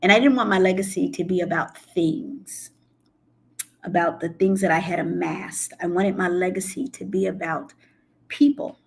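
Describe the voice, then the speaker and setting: A middle-aged woman hosting a casual talk show, gently prompting students and reflecting on her legacy. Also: on the low side, steady tone, moderate pace, gravelly, slightly rough. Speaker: program director and host.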